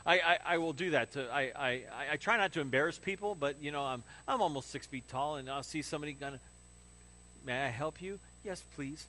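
Bright, high-voiced preaching man. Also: quick pace, few pauses. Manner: conversational preaching with audience asides; mimics stubborn guys with rising emphasis. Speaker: pastor. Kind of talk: sermon. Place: church sanctuary.

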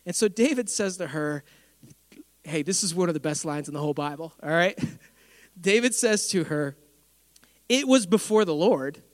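High, smooth-voiced male preacher. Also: normal speed, no echo, studio quality, in a large hall. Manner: lively storytelling with humor. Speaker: pastor. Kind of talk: sermon.

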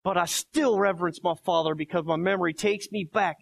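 Pastor guy in his 30s preaching, high gravelly voice, gets loud and punchy. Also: fairly even intonation, brisk. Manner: preachy, emphatic, swings between soft quotes and loud barking. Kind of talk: sermon.

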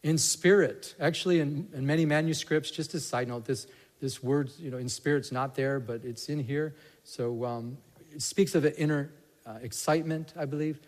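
Male pastor, casual sermon delivery that builds to fervor, higher-pitched, echoing hall. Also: moderate pace. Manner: conversational, rising to passionate emphasis. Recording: reverberant hall.

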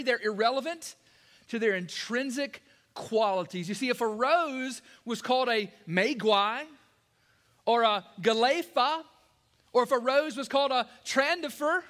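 A man preaching a sermon to his church in a folksy, energetic way. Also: very high-pitched. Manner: folksy, energetic preaching, acts out quoted lines. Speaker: pastor. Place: church sanctuary.

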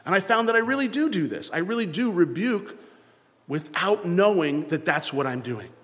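A man preaching a sermon in a church, swinging between loud, emphatic lines and hushed ones. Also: high-pitched, big pitch swings, moderate pace, in a large hall. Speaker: pastor.

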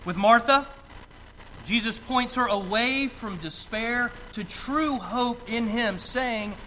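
A male pastor delivering a sermon, unhurried and deliberate, leaning on pauses for emphasis. His voice sits high and bright. A faint room ambience runs underneath. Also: slight background noise, poor audio.

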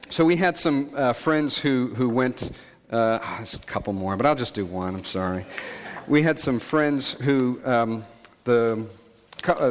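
A male pastor preaching a conversational sermon, telling stories in a relaxed way with frequent fillers and asides. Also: mid-range voice, big-room sound.

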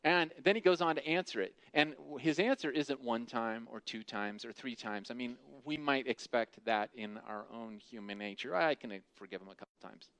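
A man's voice: mid-range voice, moderate pace, hardly any pauses, a bit bright, clean tone. A man preaching an earnest, conversational sermon who often restarts and repeats his words.

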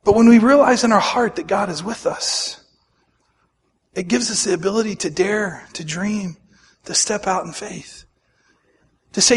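Guy preaching a sermon, pitches way up when he acts out the story people, long echo like a big hall. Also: a little slow, pauses often, breathy edge. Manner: animated, acts out voices in Bible stories. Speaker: pastor.

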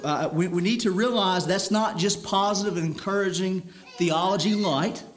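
Male preacher, higher register, stern and earnest sermon delivery with restarts. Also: normal speed. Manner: earnest, stern, repeats words while building a point.

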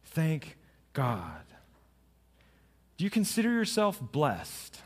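A middle-aged man, a pastor, giving a sermon with jokes and storytelling that rise to lively emphasis. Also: fairly high pitch, slow pace, breathy edge, big-room sound.

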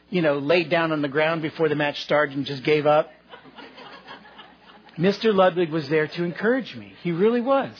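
A man's voice: a little high, highs cut off. A man preaching a sermon as pastor, telling folksy stories with self-deprecating humor.

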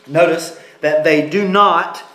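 Man, pastor, sermon, emphatic, high-pitched, echoey room. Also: sharp tone. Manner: explanatory, emphatic, halting restarts.

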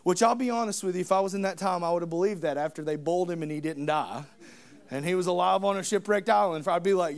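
A man preaching a sermon, telling the story in an animated, humorous, conversational way. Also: high voice, fast, vocal fry.

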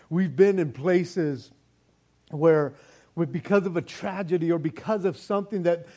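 An older man preaching a sermon in a lively, joking way, often restarting his words. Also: a little high. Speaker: pastor.

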